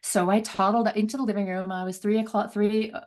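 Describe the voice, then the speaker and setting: A middle-aged woman telling a personal story as an interview guest, laughing often and acting out voices with big jumps in pitch. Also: flat delivery, brisk, a little mellow. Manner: laughs often, many fillers.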